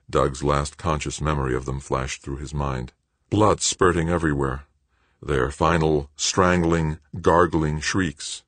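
A man reads a novel aloud in a low, husky voice whose pitch moves expressively. He keeps a measured storytelling pace. The recording is close and dry. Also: steady tone, a bit bright, no room sound. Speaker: audiobook narrator. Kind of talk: scripted narration.

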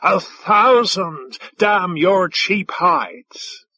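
A man's voice: high voice, takes it slowly, bright, forceful tone, dry recording, lo-fi sound, exaggerated voice. A man voicing a brash, reckless human man who defiantly raises his bets.

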